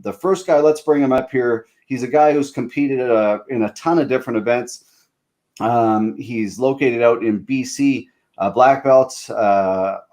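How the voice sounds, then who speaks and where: A man's voice: mid-range voice, darkish tone. A man from Nova Scotia hosting a podcast, talking in a loose, joking, rambling way with plenty of fillers. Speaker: podcast host. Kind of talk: casual chat.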